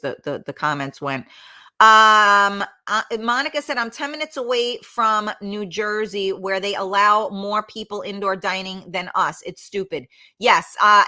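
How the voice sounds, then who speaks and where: Blunt, rambling, bright-voiced woman host. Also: mid-range voice. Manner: rambling, blunt, swears freely, frequent fillers. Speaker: talk show host reading live comments. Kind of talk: casual live-stream chat.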